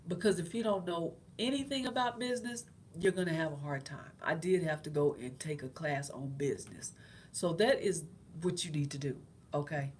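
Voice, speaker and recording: A woman's voice: low voice, normal speed, a little mellow, slight background noise. A middle-aged woman hosting her own channel, talking casually and encouragingly about faith to her viewers and often repeating her points. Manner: conversational and encouraging, repeats phrases. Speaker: host.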